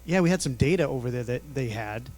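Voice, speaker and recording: A man's voice: medium pitch, expressive, fast, a little mellow. A man on a conference panel, speaking candidly in a conversational way. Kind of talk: panel discussion. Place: conference stage.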